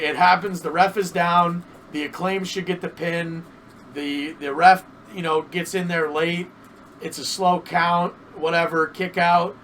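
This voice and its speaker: A man's voice: fairly high pitch, a bit bright, far from the mic, a little hiss or hum, poor audio. A man co-hosting a podcast, chatting casually and animatedly, swearing and repeating himself. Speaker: podcast co-host. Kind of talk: casual wrestling chat.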